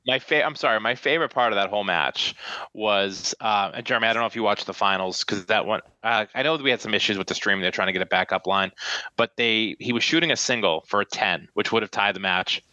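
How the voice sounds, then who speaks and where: A man's voice: fairly low pitch, fast talker, sharp tone, no echo. A man hosting a podcast, telling a rambling story with many fillers. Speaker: podcast host. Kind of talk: casual podcast chat. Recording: muffled dry audio.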